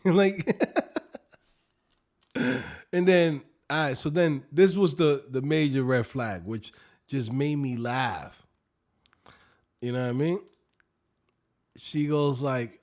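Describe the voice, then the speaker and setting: A man hosting a casual live stream, telling a story in an animated, joking way and swearing often. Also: mid-range voice, takes it slowly, long pauses. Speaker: coding instructor and live stream host.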